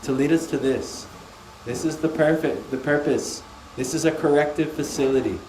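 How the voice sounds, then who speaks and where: A man giving a spiritual lecture on scripture to a small group, lively and asking his listeners questions. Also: on the high side, normal speed, slight background noise. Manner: lively, asks the audience questions. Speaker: spiritual teacher. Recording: echoey room, faint ambience.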